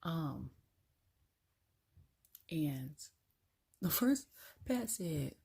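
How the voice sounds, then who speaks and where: A low, gravelly woman talks through a wrestling show in a loose, chatty rant. Her voice is husky and rough, and she slips into quoted voices and breaks into laughter as she goes. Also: big pitch swings, extremely slow, warm tone. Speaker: wrestling review vlogger. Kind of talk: casual solo rant.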